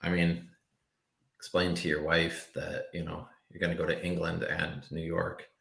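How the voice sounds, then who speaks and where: A man's voice: sits low, completely flat delivery, moderate pace, creaky, fairly bright tone, reverberant. A man chatting casually and jokily, often stammering and repeating words. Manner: jokey, stammers and repeats himself. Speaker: guest. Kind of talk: casual chat.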